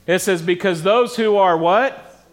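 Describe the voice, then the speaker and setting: A man's voice: high-pitched, measured pace. A man preaching a conversational sermon to a congregation, often stopping to ask them questions. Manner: casual, quizzes the congregation with questions. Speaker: pastor. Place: church service with congregation.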